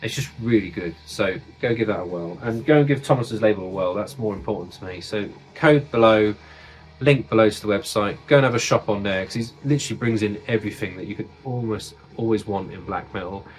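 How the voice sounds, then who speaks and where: A man's voice: lowish voice, a little fast. A man from the United Kingdom casually showing off his record collection, enthusiastic and swearing freely. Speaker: music collector vlogger.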